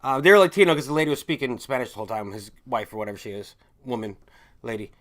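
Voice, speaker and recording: A man's voice: medium pitch, very fast, a bit bright. A man hosting a casual stream, rambling and swearing as he reads viewer chat and drifts between stories. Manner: rambling, profane, trails off and restarts mid-thought.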